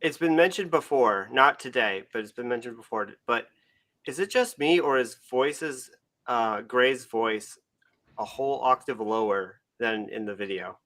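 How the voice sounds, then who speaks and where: A man in a casual group chat, enthusiastic and a little halting. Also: medium pitch, fairly bright tone.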